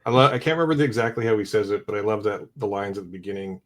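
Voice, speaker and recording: Low-voiced chatty male panelist. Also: fairly even intonation, very fast. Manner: chatty, leans on "like", trails off softly. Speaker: podcast panelist. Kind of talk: casual film discussion.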